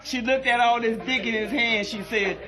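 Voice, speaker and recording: A woman telling bawdy jokes as a stand-up comedian, brassy and shouting her punchlines. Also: fairly high pitch, fairly even intonation, moderate pace.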